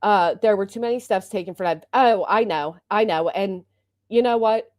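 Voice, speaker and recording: In a studio-quality recording with no room sound, a woman with a darkish, mid-range voice speaks at a moderate pace. The livestream host is agitated and indignant, swearing throughout her rant.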